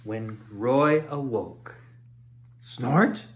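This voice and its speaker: A man hosting a bedtime story show, reading a children's book aloud expressively. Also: medium pitch. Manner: expressive, drawn-out read-aloud.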